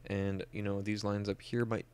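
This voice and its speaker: Gravelly low-voiced young man explaining software. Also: level tone, moderate pace. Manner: casual, many "uh" and "um", explains step by step. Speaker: photo editing tutor. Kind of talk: screen-recorded software tutorial.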